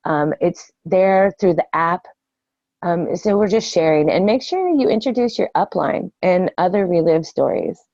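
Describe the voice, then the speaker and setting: An older woman giving an earnest, casual training talk on network marketing, often pausing with ums and restarting her sentences. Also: fairly low pitch, expressive, dark tone, no echo. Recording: dull lo-fi dry sound.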